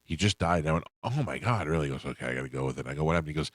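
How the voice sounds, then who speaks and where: A man's voice: a bass voice, very fast, no room sound. A middle-aged man hosting a radio talk show, telling stories and acting out quotes in casual chat. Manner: storytelling, animated quoting of others.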